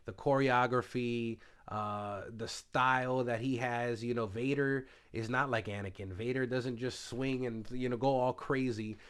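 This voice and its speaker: Man rambling through a casual spoiler review. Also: mid-range voice. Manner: loose, rambling retelling with many fillers. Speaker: TV show reviewer.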